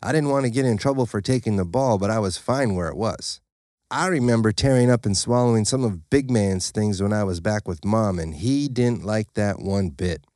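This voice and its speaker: Deep, dry-voiced male storyteller. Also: moderate pace, darkish tone, dry recording. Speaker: audiobook narrator. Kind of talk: first-person story narration.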